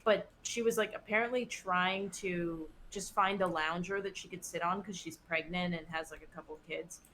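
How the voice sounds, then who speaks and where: Chatty woman streamer, casual storyteller, lower pitch, faint ambience. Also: fairly even intonation, moderate pace, fairly bright tone, slight background noise. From West Coast. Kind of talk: casual chat while gaming.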